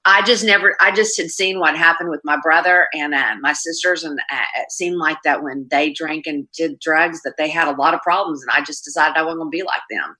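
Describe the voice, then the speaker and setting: Low, forceful middle-aged woman sharing her story. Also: brisk, few pauses, rough recording. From Oklahoma, US. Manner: candid, plainspoken, many ums and restarts. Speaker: Al-Anon speaker. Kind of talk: personal recovery talk at a meeting. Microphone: video call.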